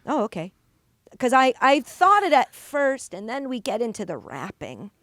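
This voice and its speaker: A woman hosting a podcast, talking in a blunt, joking way with a casual swear here and there. Her voice sits fairly high, and the recording is dry and close. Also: sing-song, moderate pace, fairly bright tone, no echo. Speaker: podcast host.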